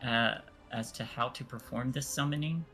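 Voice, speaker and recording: Bright-toned hesitant male player. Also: mid-range voice, moderate pace, soft background music. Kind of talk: playing a tabletop game.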